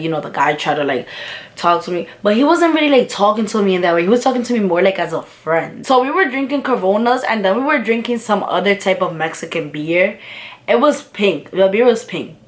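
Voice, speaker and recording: A woman's voice: medium pitch, expressive, fairly quick. Slangy young woman. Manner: candid, slangy and profane, lots of fillers. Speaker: vlogger. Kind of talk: casual storytime while doing makeup.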